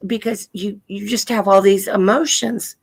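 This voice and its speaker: A woman's voice: medium pitch, fairly even intonation, moderate pace, gravelly, breathy edge. A woman hosting a live stream, earnestly consoling a grieving caller and calling her honey and sweetheart. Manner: tender, earnest, calls people honey and sweetheart. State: widowed, grieving. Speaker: livestream host.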